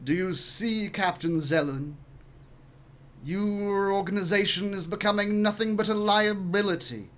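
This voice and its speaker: A man doing a posh, haughty nobleman, drawn-out and condescending. He talks with cool disdain and looks down on everyone around him, in a tabletop game voice. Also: sits high, a bit bright, pitched above the performer's own voice. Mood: disdainful. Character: posh, haughty older male noble, coolly dismissive.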